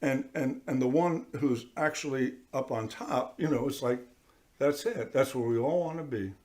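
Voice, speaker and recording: A man's voice: mid-range voice, normal speed. A man, a priest giving a conversational sermon, talking straight to his listeners and acting out little voices as he goes. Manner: animated, talks straight to listeners, acts out voices. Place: church.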